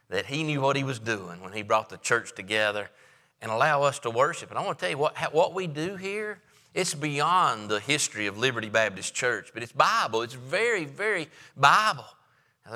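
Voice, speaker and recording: A man's voice: mid-range voice, bright, forceful tone. A man preaching a sermon as pastor, in a folksy, joking manner with frequent fillers. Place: church sanctuary. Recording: reverberant church sanctuary.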